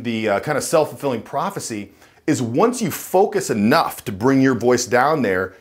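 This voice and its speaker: An animated, lively-pitched man talks straight to camera as a coach. He is emphatic and now and then sinks into a deep chest voice to show the difference. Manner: emphatic, drops into a low chest voice to demonstrate. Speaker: dating and voice coach. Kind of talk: instructional talk to camera.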